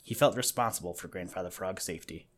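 Talking fast, a man with a lowish voice gently narrates a children's animal storybook. Occasionally he steps out of the story to speak directly to whoever is listening.

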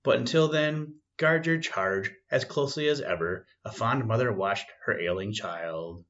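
A man's voice: on the low side, measured pace, a bit bright. A man voicing an urgent, commanding male detective, grave and intense, on a dull lo-fi recording.

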